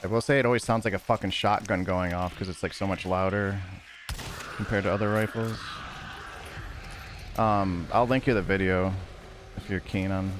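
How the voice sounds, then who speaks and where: A man's voice: deep voice, fairly even intonation, moderate pace, pauses often, a little hiss or hum. A man streaming a video game, chatting casually with his viewers in a loose, rambling way that corrects itself as it goes.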